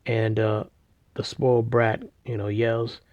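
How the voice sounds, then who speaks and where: A man casually retelling a story, rambling with slang, fillers and restarts, and getting loud and animated at the big moments. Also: medium pitch, slow pace, no room sound. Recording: dull lo-fi recording.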